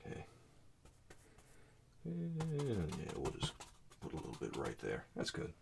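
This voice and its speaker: Soft-spoken male painting teacher, very low voice, lively pitch, mumbled asides. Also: unhurried, creaky, background noise. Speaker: art teacher.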